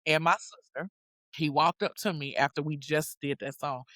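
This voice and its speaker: A woman's voice: low-pitched, normal speed, dry recording. A woman guest telling a story in casual, slangy talk, acting out what people said. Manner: animated, slangy storyteller who acts out quotes. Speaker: guest singer-songwriter.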